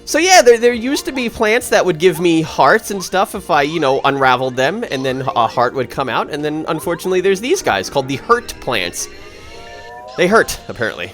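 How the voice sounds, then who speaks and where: A man's voice: a little high, big pitch swings, fairly quick, fairly bright tone, soft background music. A man giving casual, rambling commentary over a video game playthrough, sarcastic and often correcting himself mid-sentence. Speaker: let's play commentator.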